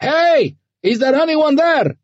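A man's voice: fairly high pitch, unhurried, husky, no echo, muffled recording, pitched above the performer's own voice. A man voicing a frightened, shaken tunnel survivor. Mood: frantic. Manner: shaken, pleading, bursts into frantic yelling. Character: frightened young man fleeing dark tunnels.

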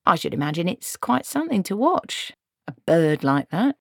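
A woman voicing a fussy, evasive male dwarf craftsman who talks slowly and deliberately. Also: low voice, big pitch swings, no echo, studio quality. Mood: wry. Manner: slow, deliberate, pondering.

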